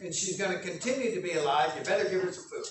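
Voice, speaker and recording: A man preaching a sermon that teaches from scripture, animated and acting out scenes with loud bursts. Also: high-pitched, fast talker, noisy background. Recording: echoey room, speaker far from mic.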